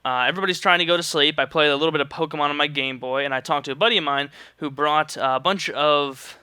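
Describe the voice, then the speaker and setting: Young man, rambling storyteller, very bright tense tone, dry close sound, swears a lot. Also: a little high, quick pace, clear, resonant tone, no room sound. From St. Louis, Missouri. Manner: rambling, joking, swears freely. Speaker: vlogger. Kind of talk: casual storytelling monologue.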